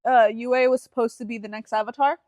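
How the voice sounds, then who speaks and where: A woman's voice: on the high side, fairly even intonation, a little fast, darkish tone, no echo. A woman co-hosting a casual podcast chat, talking through ideas with lots of fillers. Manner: chatty, hesitant, filler-heavy. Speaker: podcast co-host.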